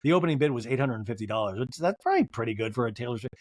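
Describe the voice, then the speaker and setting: A man's voice: mid-range voice, lively intonation, racing, dry recording, clean studio sound. A man hosting a comedic recap podcast, snarky and rambling. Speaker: podcast host. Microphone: podcast microphone.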